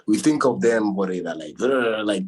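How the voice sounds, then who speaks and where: A man's voice: on the low side, animated, normal speed, a little mellow, poor audio. A man speaking as a podcast guest in a casual chat, easygoing and reflective as he gives advice.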